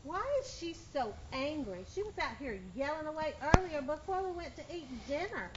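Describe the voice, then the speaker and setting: An actress playing a nosy, prim pastor's wife who gossips about the neighbors. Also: female voice, high-pitched, expressive, brisk. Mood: gossipy. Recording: dull film audio with faint noise.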